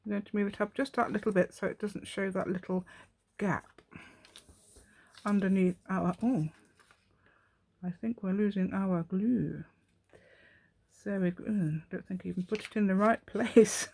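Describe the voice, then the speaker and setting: A craft channel host speaks in a mid-range, steady, unhurried voice that is creaky and darkish in tone. In her casual tutorial she's a chatty rambler who thinks aloud and talks to herself while working.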